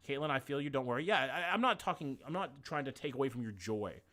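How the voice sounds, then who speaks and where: A man's voice: mid-range voice, animated, fast talker, a bit bright. Chatty male streamer thinking aloud. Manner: chatty, thinks aloud, swears, greets viewers. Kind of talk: casual live-stream chat while playing.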